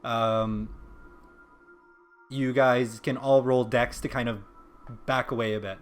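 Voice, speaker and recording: A man narrating as game master of a tabletop game, often pausing with ums and restarting sentences. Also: mid-range voice, fairly even intonation, faint music behind. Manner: hesitant, full of ums and restarts. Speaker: dungeon master.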